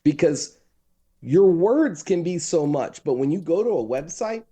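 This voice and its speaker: A man talking as a marketing guest in a relaxed interview, telling stories with emphasis. His pitch swings widely and keeps his delivery animated, and his voice sounds warm and mellow. He leans on his key phrases and repeats them. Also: unhurried, breathy edge. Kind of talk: conversational interview storytelling.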